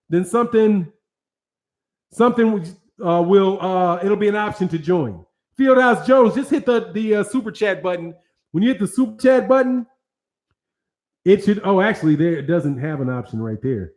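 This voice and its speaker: A Midwestern American man hosting a casual livestream, his speaking voice sitting high for a man. He talks in an animated, profane way and answers viewers' chat as he goes. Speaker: host.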